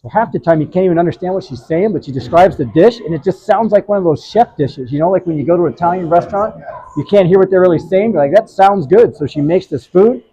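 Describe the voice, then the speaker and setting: A man's voice: sits high, expressive, quick pace, warm tone, dull audio. A man giving color commentary at a youth hockey game, chatty and telling friendly anecdotes.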